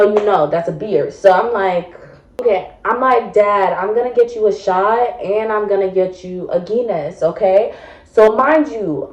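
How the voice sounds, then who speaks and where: Chatty woman telling a story in a roomy space. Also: mid-range voice. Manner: chatty, profane, dramatic retelling with asides. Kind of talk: casual storytime. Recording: roomy echo.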